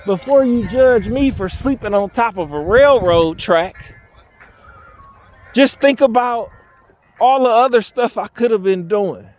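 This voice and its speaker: Young man, higher-pitched voice, earnest and emotional, speaking outdoors into a phone with faint music underneath. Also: expressive, unhurried, a little mellow. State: voice unsteady from crying. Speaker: vlogger. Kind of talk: candid personal vlog. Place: outdoors by a railroad bridge.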